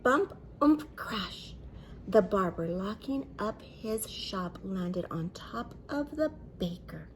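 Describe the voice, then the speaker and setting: Brief: daycare teacher reading a picture book aloud, slow and very lively, with whispered asides; woman. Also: mid-range voice, a little hiss or hum. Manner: expressive, with soft whispered asides.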